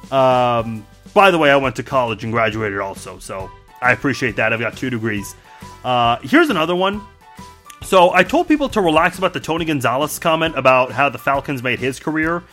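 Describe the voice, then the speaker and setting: A man's voice: medium pitch, a bit bright. A man from Iran hosting a podcast, casually and wryly reacting to mean comments, with frequent filler words. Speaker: podcast host.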